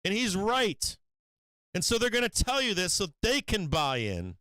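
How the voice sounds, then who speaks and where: A man's voice: high voice, huge pitch swings, measured pace, bright, forceful tone, no room sound. A man hosting a stock market live stream, giving heated, profane commentary in an emphatic, fired-up way.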